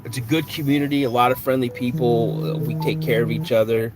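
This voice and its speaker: A man's voice: mid-range voice, fairly even intonation, fairly quick, over loud music. A man hosting a live podcast stream, chatting casually with viewers, joking and greeting them. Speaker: podcast host.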